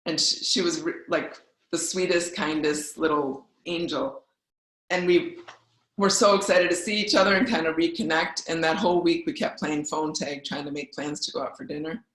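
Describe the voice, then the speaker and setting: A woman's voice: low-pitched, steady tone, moderate pace, a bit bright. Woman telling her story in an echoey room. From Wisconsin, US Midwest. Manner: candid, conversational storytelling with fillers. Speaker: guest speaker. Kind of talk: personal storytelling talk. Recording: roomy echo.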